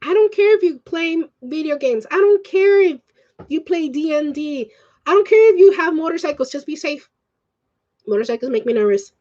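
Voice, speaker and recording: A woman vlogger ranting in casual chat, rambling and swearing, swinging quickly between feelings. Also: high-pitched, lively intonation, dark tone, muffled recording. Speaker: live-streaming vlogger.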